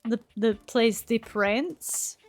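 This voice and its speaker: Giggly woman streamer, slow drawl. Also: on the high side, soft background music. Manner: giggly, chatty, reacting and bantering with game. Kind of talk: live game streaming commentary.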